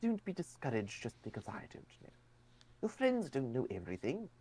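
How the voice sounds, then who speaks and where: A man voicing a soft-spoken, wise fey host who talks in a slow, hushed, dignified way. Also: mid-range voice, wildly swooping pitch, slightly rough. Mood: gentle modest.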